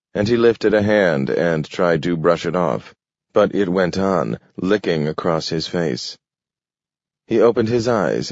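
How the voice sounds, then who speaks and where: A man reading a story aloud in a measured, steady manner. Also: low-pitched, dry recording, lo-fi sound. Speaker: audiobook narrator. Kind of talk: scripted narration.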